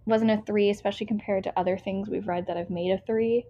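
A woman's voice: medium pitch, fairly even intonation, fast talker, dark tone. Rambling young American woman, dull sound. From United States. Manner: rambling, filler-heavy, self-interrupting. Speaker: book podcast co-host. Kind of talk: casual book review chat.

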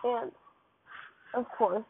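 Here a woman draws out her words as she casually reads a second-person fan fiction story, her delivery loose and rambling with plenty of slips and restarts. A little hiss or hum sits under the tinny, dry, phone-like audio.

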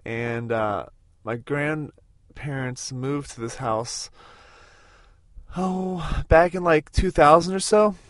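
A man's voice: fairly high pitch, takes it slowly, a bit bright, no room sound, studio quality. A man in his thirties hosting a podcast in a casual, rambling way, with lots of fillers and restarts. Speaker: podcast host. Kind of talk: casual spoken podcast recorded on a road trip.

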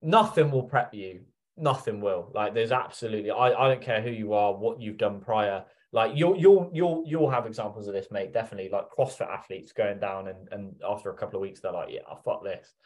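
A man's voice: fairly low pitch, a little fast, darkish tone. A man telling stories as a podcast guest in casual interview chat, swearing heavily and acting out his own past remarks.

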